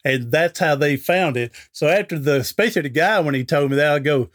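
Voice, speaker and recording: A man's voice: fairly high pitch, a little fast, fairly bright tone. A middle-aged man, a guest on an interview podcast, telling a folksy anecdote in a chatty way and acting out the dialogue. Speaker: interview guest, author and speaker.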